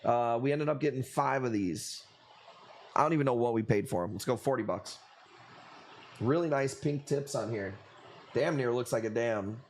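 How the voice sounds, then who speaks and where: A man's voice: mid-range voice, moderate pace, long pauses, slight background noise. A man hosting a live coral auction stream, bantering loosely and profanely with viewers and calling out bids.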